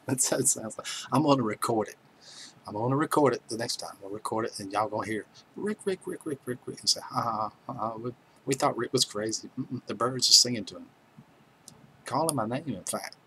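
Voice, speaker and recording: A man's voice: mid-range voice, fairly bright tone, a little hiss or hum, low-quality recording. Joking man chatting on a stream. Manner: chatty, joking, reads viewer names aloud. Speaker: livestream host. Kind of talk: casual chat with live viewers.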